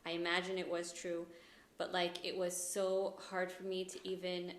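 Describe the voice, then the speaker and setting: Woman host, lowish voice, soft and emotional, echoey room. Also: monotone, normal speed. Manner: emotional, soft-spoken storytelling. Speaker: podcast host. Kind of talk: conversational interview. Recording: echoey room with faint ambience.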